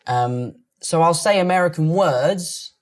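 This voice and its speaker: A man's voice: on the high side, unhurried. A young man from England with a London accent, casually reading online comments aloud and answering them in a playful, self-mocking way. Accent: London English. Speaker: actor reading fan comments. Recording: music playing underneath.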